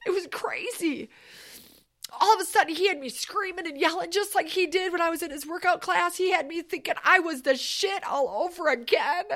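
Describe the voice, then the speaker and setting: A woman with a high voice recounts a personal story, animated and emphatic. She talks conversationally, with casual asides to the listener. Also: normal speed.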